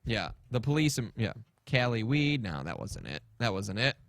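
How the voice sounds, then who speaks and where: Animated, ranting male podcast host. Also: lowish voice, normal speed, no echo. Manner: animated, swearing, rambling storytelling. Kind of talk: casual podcast rant.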